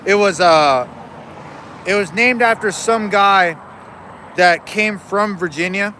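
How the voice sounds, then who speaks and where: A man's voice: sits high, slow, sharp tone, slight background noise. A man chatting casually on a live stream, rambling and joking and cutting himself off mid-sentence. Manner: rambling, joking, many self-interruptions. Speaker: livestreamer.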